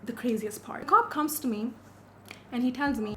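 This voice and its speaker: A young woman talking straight to camera while she does her makeup, with a voice set a little higher than most. She tells her story with dramatic, profane, chatty energy. A faint hiss of background noise sits under her voice. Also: a little fast. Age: young adult. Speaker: beauty vlogger.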